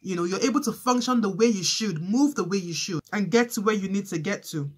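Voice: medium pitch, brisk, husky. A preacher delivering an informal spoken sermon, fervent and repetitive, with many fillers and restarts. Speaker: preacher sharing a prophetic word.

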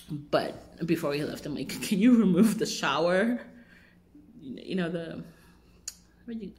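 Woman vlogger, low-ish voice with wide swings, shaken and animated storytelling. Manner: shaken, animated, jumps up high when quoting people. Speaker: life coach telling a personal story. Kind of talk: casual storytelling vlog.

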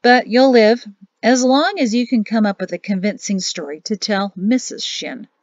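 A woman's voice: on the high side, normal speed, darkish tone, no room sound, close to an everyday voice. A woman reading a blunt, dry-humored male army surgeon in an audiobook. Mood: wry. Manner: dry, matter-of-fact. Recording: dull dry home recording.

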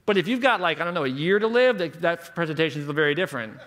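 A man in his thirties preaching a conference sermon with rhetorical questions, moving between hushed and emphatic delivery. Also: on the high side, fast talker.

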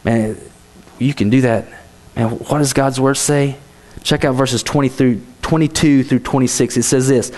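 A man's voice: medium pitch, fairly even intonation, normal speed, a little mellow. A man giving a youth sermon in a church, speaking casually with many "you know"s and restarts.

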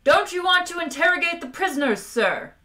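Woman putting on a yelling male officer, high and strained, loud, bright. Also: lively intonation, brisk, full character voice. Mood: insistent. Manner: yelling, squealing, hissing.

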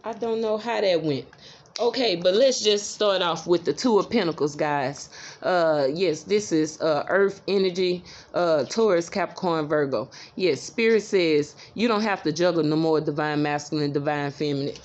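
A woman's voice: on the low side, moderate pace, a little mellow, lo-fi sound. A woman giving a casual tarot reading, chatty and swearing freely, with affirmations she repeats over and over. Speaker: tarot reader.

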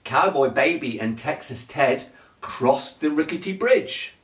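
A man reading a children's bedtime story aloud in a slow, gentle, lilting way. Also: on the high side, expressive. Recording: echoey room.

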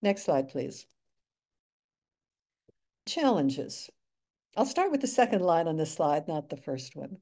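An older woman giving an academic slide lecture, measured with dry asides and frequent fillers. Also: low voice, big pitch swings, dark tone. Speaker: guest speaker.

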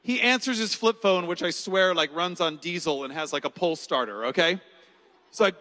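A man's voice: high-pitched, normal speed. A man in his forties giving a conference keynote, telling a personal story with jokes and acted-out quotes. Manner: animated, jokey storyteller who acts out quotes. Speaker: keynote speaker. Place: large conference hall. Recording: reverberant hall.

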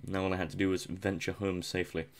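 A man's voice: low-pitched, level tone, fast talker. A young man giving casual, rambling commentary over a survival game, self-mocking and chuckling often. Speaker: gameplay commentator.

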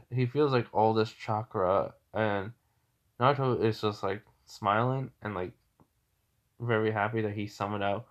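A man casually telling a fan story, rambling with lots of fillers. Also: fairly low pitch.

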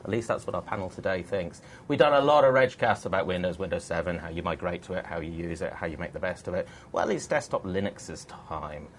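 A man's voice: sits low, fairly quick, hardly any pauses, a little hiss or hum. A man hosts a technology webcast from a studio. He talks in a jokey, teasing way, often restarting his sentences. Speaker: webcast host. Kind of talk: hosting a studio tech webcast.

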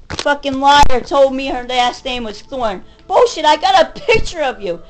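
A high-pitched woman in her forties unloads a furious, rambling rant full of swearing. She talks as if venting straight at the camera. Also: expressive, unhurried, a bit bright, a little hiss or hum, low-quality recording. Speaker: vlogger. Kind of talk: angry venting monologue.

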